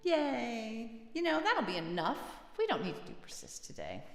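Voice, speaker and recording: A woman hosting a livestream, chatting casually between songs, gentle and encouraging, laughing as she tells a story. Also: on the high side, huge pitch swings, moderate pace. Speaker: livestream host and singer-songwriter. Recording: roomy echo with long reverb, faint guitar.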